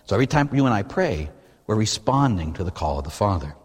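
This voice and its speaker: A man, a priest, preaching a sermon in an animated, conversational way full of rhetorical questions. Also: fairly low pitch, quick pace, slightly rough. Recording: long reverb in a large hall.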